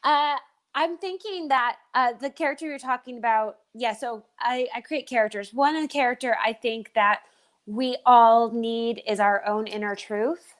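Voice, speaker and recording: A woman performer talking as a guest in an animated, expressive way. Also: on the high side, normal speed. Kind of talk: casual chat.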